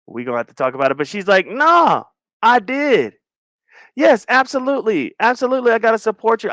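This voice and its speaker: A middle-aged man hosts a livestream and greets his chat one name at a time, bantering loosely in slang. His voice sits a little high. The sound is dry and close, with no room in it. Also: no echo. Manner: loose slangy banter, shout-outs to viewers.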